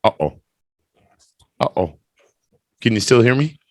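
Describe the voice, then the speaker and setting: A man's voice: medium pitch, very animated, measured pace, dry recording. A man teaching English over a video call, teasing his student in a chatty, playful way before running a speaking test.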